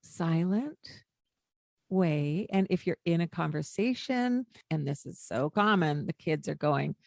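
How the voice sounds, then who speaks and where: An older woman with a somewhat low voice chats about parenting in a gentle, thoughtful way. She pauses and hesitates with small fillers. The sound is dry and close. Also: lively intonation, vocal fry, no room sound. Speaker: podcast co-host. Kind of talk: casual conversation.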